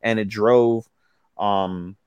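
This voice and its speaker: A man with a low voice talks through anime plots for his podcast, loose and swearing freely, leaning on plenty of fillers. The sound is dry and close, with no room around it. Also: steady tone, extremely slow, darkish tone, clear, resonant tone, dry recording, lo-fi sound. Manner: loose, profane plot recapping with many fillers. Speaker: podcast co-host. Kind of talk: casual anime review chat.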